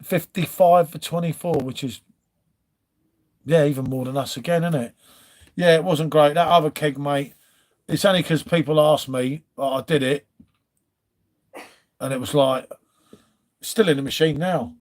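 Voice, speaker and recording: High-voiced chatty English streamer. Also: male voice, fairly even intonation, normal speed, pauses often. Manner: chatty, rambling, reads out chat comments. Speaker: live stream host. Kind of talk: casual chat. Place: home.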